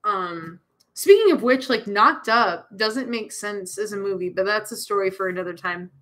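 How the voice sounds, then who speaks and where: A woman's voice: medium pitch, moderate pace, fairly bright tone. A young woman streamer reading a visual novel aloud and rambling off into giggly, self-interrupting asides.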